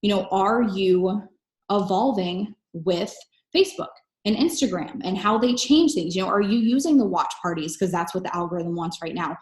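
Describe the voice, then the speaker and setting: A woman coaching network marketers in an energetic, emphatic solo talk, recorded at home in her kitchen. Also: mid-range voice, roomy sound. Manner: energetic, emphatic, fast-talking.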